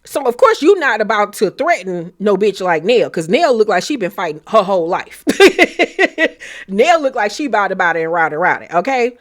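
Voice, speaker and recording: A woman giving a blunt, profane, animated recap of a reality show in casual commentary. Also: medium pitch, normal speed.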